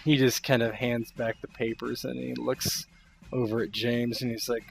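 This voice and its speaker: A man narrating a tabletop game as game master, in a relaxed, loose way. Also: mid-range voice, normal speed, creaky, heavy background noise.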